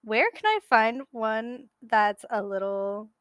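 A young woman reading her own writing aloud, slowly, with self-deprecating nervous jokes in between. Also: on the high side, animated, fairly bright tone, no echo, clean studio sound.

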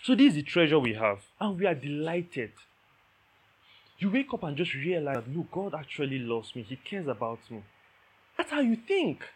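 A man delivers a sermon in a husky, slightly rough voice. He preaches with emphasis and repeats his key lines. He keeps checking that his listeners follow him. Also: on the high side, big pitch swings, normal speed. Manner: emphatic, repeats key phrases, asks the audience "do you understand".

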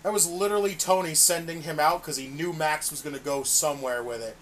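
Casting: high-pitched male podcaster, profane and exasperated, slight hiss behind. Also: fairly even intonation, fairly quick, a bit bright. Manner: ranting, exasperated, swears constantly. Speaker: podcast co-host reviewing wrestling. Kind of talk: casual profane chat.

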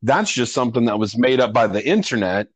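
Lively joking man on a podcast. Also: medium pitch, fast talker, husky, no echo. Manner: jokey, mock-indignant. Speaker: podcast guest. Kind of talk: casual comedic banter.

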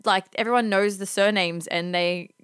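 A woman's voice: mid-range voice, normal speed, smooth, no echo. Aussie woman, 30s, rambling funny story, lots of ums and likes, dry sound. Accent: Australian. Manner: animated, self-deprecating, lots of fillers. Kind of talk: casual storytelling chat.

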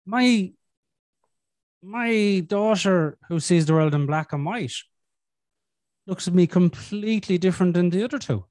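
On a podcast, a dad shares casual, conversational stories about his children, cursing without restraint and performing the voices of the people he quotes. He speaks high, at a measured pace with long pauses and a darkish tone, in clean studio sound with no room sound.

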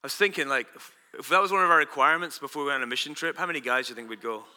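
A man preaching a sermon in a conversational, emphatic way, moving between loud declarations and hushed asides. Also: a little high, rapid-fire, in a large hall. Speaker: pastor.

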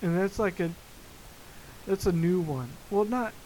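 A podcaster delivers an unhurried, swear-filled rant about everyday chaos, chuckling every few lines. The voice sits at a middling pitch and keeps a loose, storytelling rhythm. A faint hiss runs under the recording. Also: rough recording. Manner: profane, frequently laughing, animated storytelling. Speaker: podcast host. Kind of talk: casual solo rant. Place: Florida.

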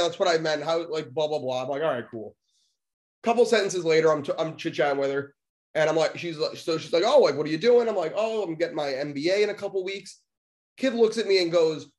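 A young podcast co-host tells a story in a loose, lively way, cursing freely and acting out the voices of the people he quotes. His pitch is fairly high and his pace fairly quick.

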